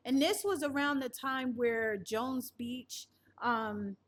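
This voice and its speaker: A woman's voice: high-pitched, takes it slowly, a little hiss or hum. A woman telling her survival story in an interview, narrating earnestly and acting out what others said. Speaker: guest sharing a survival testimony. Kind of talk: personal testimony interview.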